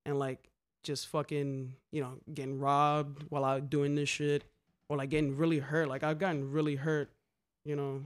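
A young man telling graffiti stories in casual chat, animated and slangy, swearing freely. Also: fairly high pitch. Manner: animated, slangy, swears a lot, repeats "a hundred percent".

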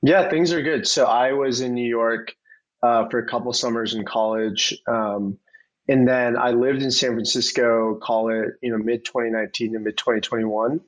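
Relaxed twenty-something male guest. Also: mid-range voice, moderate pace, low-quality recording. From Arizona, USA. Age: 20s. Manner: relaxed, many fillers and hedges. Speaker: venture capital guest. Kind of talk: casual interview.

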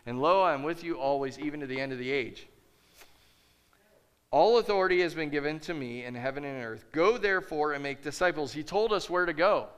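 A man's voice: on the high side, fairly quick, clear, resonant tone. A man pastor preaching a sermon with emphatic, repeated phrases.

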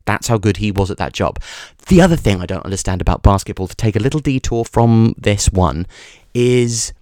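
A man's voice: lowish voice, expressive, brisk, a little mellow, dry recording, clean studio sound. A man hosting a podcast, talking in a rambling comic monologue, full of restarts and swearing. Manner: digressive, sweary, stumbling restarts. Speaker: podcast host.

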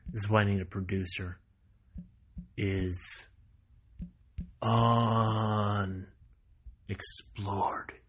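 An American man hosting a sarcastic solo monologue, reading out a news item and breaking off into mocking asides that swing from loud to muttered. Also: mid-range voice, breathy edge. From United States. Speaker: solo commentary host.

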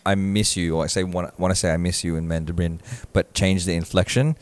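A man's voice: low-pitched, flat delivery, quick pace, clear, resonant tone. A man co-hosting a podcast, chatting casually and rambling with frequent restarts. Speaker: podcast co-host. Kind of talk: casual chat.

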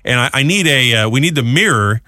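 A man's voice: mid-range voice, animated, a little fast, sharp tone, no room sound. A middle-aged man co-hosting a morning radio show, rambling through chatty, self-mocking stories in a studio. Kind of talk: casual on-air banter. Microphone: studio microphone.

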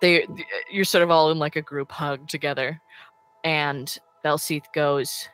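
Low-voiced woman game master. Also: fairly even intonation, fairly bright tone, smooth, soft background music, poor audio. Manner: chatty, quick, laughing often. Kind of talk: narrating a tabletop game.

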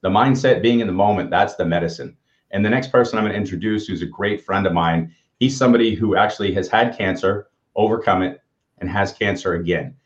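On a relaxed livestream, a fifty-something co-host tells cheerful stories meant to motivate. He speaks on the low side and fairly quickly, over dull, echoey lo-fi sound.

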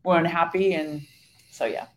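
A middle-aged woman co-hosting a faith podcast, telling a story in lively casual chat and acting out what people said. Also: on the low side, normal speed, a little hiss or hum. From Iran. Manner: animated storytelling, acts out quoted speech. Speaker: podcast co-host.

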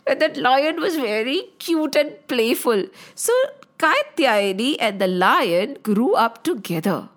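A woman narrating a children's story in an animated, sing-song way. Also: sits high, slow pace.

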